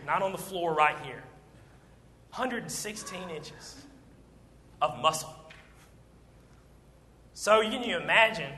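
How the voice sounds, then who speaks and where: A man preaching a sermon, retelling a Bible story with lively acted-out quotes. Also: high voice, slight background noise. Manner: animated storytelling, acting out quoted lines. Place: church auditorium. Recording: long church hall reverb.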